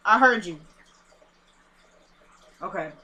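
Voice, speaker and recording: Woman host, casual episode recap, bright tone, animated and exclamatory, acts out the characters. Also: medium pitch, slow. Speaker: TV show recapper.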